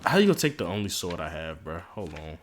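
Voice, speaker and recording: A young man casually commenting while he streams a video game, talking to his chat in animated slang from home. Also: low voice, fast, a little hiss or hum. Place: indoors at home. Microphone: headphones on, streaming setup.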